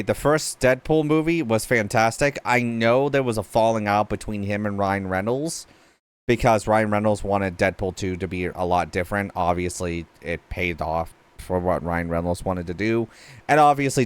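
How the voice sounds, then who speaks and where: A man hosting a casual reaction to game trailers, excitable, laughing often and swearing freely. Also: fairly low pitch, normal speed, smooth. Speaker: gaming reaction host.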